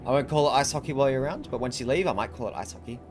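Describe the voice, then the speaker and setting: A man plays through a strategy game on stream, chatting wryly to viewers. His pitch rolls lively up and down, with faint music playing underneath. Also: very fast. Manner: chatty, wry, laughs often. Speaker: gaming streamer. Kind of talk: casual let's-play commentary.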